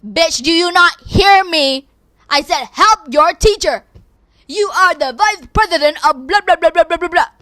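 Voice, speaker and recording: A woman mimicking an angry, bossy school teacher who scolds loudly. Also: very high-pitched, racing, no room sound, studio quality, voice pushed up. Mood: scolding. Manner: scolding, loud.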